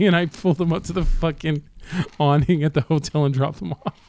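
A man's voice: fairly high pitch, fast talker, few pauses, a little mellow, clear, resonant tone, no room sound. A man in casual podcast chat, telling rideshare driving stories with lots of swearing and laughter. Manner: profane, laughing storyteller.

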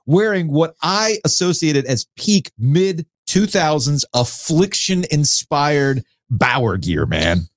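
A man co-hosting a sports podcast in casual chat, teasing and animated. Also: slow, hardly any pauses, no echo, studio quality. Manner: animated, teasing, jumps into high mock shouts. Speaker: podcast co-host.

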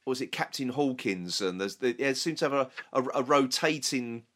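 A man's voice: mid-range voice, lively intonation, normal speed, a bit bright. Rambling male podcast host. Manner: rambling, hedging with restarts and "sort of". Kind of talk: casual chat.

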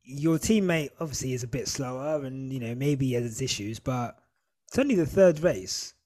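A man's voice: medium pitch, moderate pace, darkish tone. A man hosting a sports podcast in casual chat, pushing his guests with playful questions. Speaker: podcast host.

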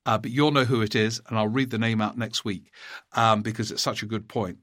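A man hosting a political talk show, giving measured commentary and reading out listener emails, with frequent small pauses. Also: lowish voice, steady tone, fairly bright tone. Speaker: podcast host.

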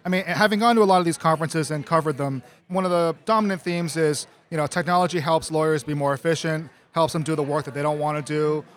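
A man's voice: a little high, fairly even intonation, fast talker, hardly any pauses. A man, a legal journalist, asking rambling interview questions with many fillers.

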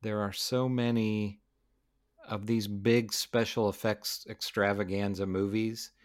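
Low-voiced man in casual chat. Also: level tone, takes it slowly.

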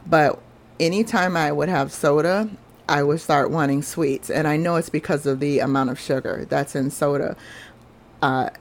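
Her voice sits low and she talks at normal speed. As a podcast host, she recounts something personal in a confessional, earnest, conversational way.

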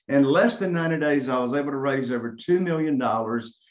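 Animated storytelling man, echoey lo-fi sound. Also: medium pitch, brisk. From Eastern North Carolina. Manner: animated storyteller, acts out phone calls. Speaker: real estate investor guest. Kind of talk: storytelling in a podcast conversation.

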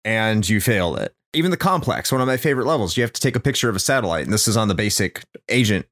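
Fast-talking exasperated man ranting. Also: fairly low pitch, expressive, fairly bright tone. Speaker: podcast co-host. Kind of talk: casual game discussion.

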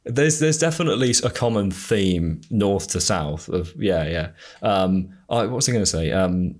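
Low-voiced southern English man, rambling. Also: animated, normal speed, a little mellow. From England. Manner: rambling, hesitant, many fillers. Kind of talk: casual chat.

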